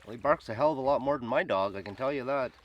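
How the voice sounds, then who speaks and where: A man's voice: medium pitch, fast, dull audio. A man talking casually to his camera while paddling outdoors on a river, joking to himself as he goes. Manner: chatty, joking, talks to himself. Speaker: vlogger. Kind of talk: casual outdoor vlog narration. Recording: noisy outdoor camera audio.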